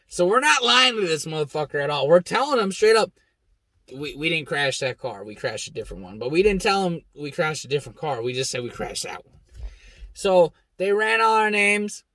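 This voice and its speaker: A young man with a high, bright, edgy voice tells a wild story straight to the listener. He's blunt and swears constantly, and he jumps into the quoted lines with sudden shouts. The sound is dry and close. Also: a little fast, dry recording. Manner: blunt, heavily profane, animated. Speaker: host. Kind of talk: casual storytelling monologue.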